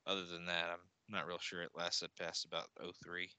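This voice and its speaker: A man's voice: low-pitched, monotone, brisk, sharp tone, clean tone, dry recording. A man co-hosting a casual podcast where he watches a movie live, talking in a laid-back way and laughing often. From United States. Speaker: podcast co-host.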